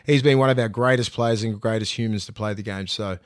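An Australian man co-hosting a relaxed podcast chat. He swears freely and laughs a lot as he tells lively stories. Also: on the low side, brisk. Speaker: podcast co-host, former rugby league player. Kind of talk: casual chat.

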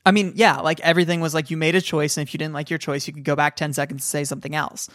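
Animated woman with a dry close sound. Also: low-pitched, rapid-fire, dry recording. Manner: animated, rambling, laughs often. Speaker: podcast co-host. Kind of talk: casual chat about video games.

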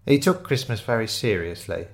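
A man's voice: on the low side, big pitch swings, moderate pace. Man putting on a homely tearful receptionist woman. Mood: fond. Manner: homely, calls people ducks and dear. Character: motherly middle-aged woman receptionist, tearful and chatty.

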